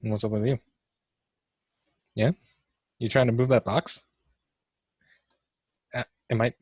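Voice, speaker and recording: A man's voice: mid-range voice, steady tone, slow pace, pauses often, a little mellow, husky, no echo, muffled recording. A young man giving casual let's-play commentary for a class vlog, awkward and joking at his own expense. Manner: awkward, self-mocking joking. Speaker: gamer doing a class vlog.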